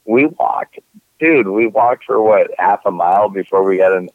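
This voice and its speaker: A man chatting casually, teasing and curious, in a relaxed way. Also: lowish voice, normal speed, no echo. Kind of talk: casual chat. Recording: tinny phone-like sound.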